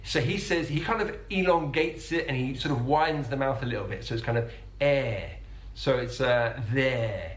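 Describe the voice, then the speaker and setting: Guy teaching accents, sounds out words slow and careful, bit of room echo. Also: medium pitch. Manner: demonstrates sounds slowly and carefully. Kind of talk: explanatory narration.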